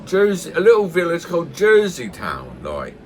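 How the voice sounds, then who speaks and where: A man's voice: on the high side, wildly swooping pitch, moderate pace, slight background noise. A man voicing Pat, a friendly, tipsy male pub drinker in a joke he is telling, chatty and fond of saying "like". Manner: pub-joke storytelling, lots of "like".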